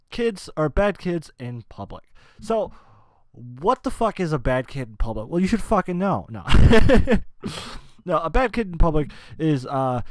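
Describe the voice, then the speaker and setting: Profane, animated young man ranting. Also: fairly high pitch, no room sound. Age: 20s. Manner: profane, rambling with restarts. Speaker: podcast host. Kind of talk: casual rant.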